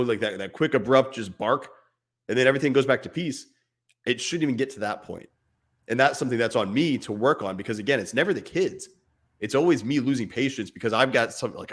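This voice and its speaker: A man in his thirties co-hosting a casual fatherhood chat, earnest and talking in bursts. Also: mid-range voice. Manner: earnest, speaks in bursts, imitates barking dad voice. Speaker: podcast co-host.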